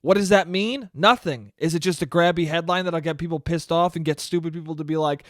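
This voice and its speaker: A young man hosting a solo comedy podcast, ranting sarcastically and swearing constantly, swinging between yelling and low mumbling. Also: a little fast, hardly any pauses, no room sound, clean studio sound. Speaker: podcast host.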